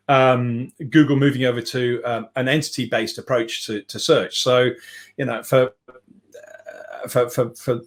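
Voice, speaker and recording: A middle-aged man talking as a podcast guest over a remote call, rambling and self-deprecating with lots of restarts. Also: mid-range voice. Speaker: podcast guest, software CEO. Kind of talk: casual podcast chat.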